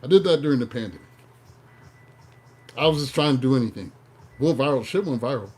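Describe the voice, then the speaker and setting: A man's voice: medium pitch, expressive, brisk, darkish tone, slightly rough. Joking, profane man giving a tarot reading. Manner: profane, joking, digressive storytelling. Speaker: tarot reader. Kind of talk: casual comic rant then tarot reading.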